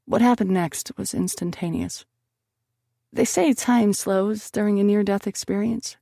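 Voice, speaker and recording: A woman's voice: mid-range voice, measured pace, gravelly, warm tone, dry recording, clean studio sound. A woman narrating a first-person romance audiobook expressively, lifting her voice on emotional lines.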